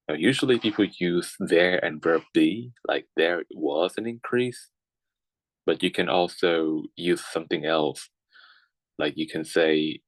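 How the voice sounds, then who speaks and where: A man with a low voice teaches a class at a slow, steady pace. He checks in with short "okay"s and often restarts his words. His voice sounds close and dry. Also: no echo, low-quality recording. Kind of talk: classroom lecture.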